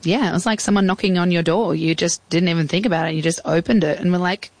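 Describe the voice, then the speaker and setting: A woman's voice: fairly low pitch, fairly even intonation, fast, dry recording, poor audio. A woman in her thirties with an Australian accent, chatting as an interview guest and acting out old phone calls in quoted voices. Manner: chatty, acts out past conversations in quoted voices. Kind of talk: casual storytelling in an interview.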